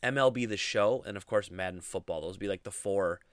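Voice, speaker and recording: A man's voice: sits low, fairly quick, clear, resonant tone, dry recording, clean studio sound. Rambling man hosting a podcast. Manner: rambling, with many fillers and restarts. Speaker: podcast host. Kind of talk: casual solo podcast talk.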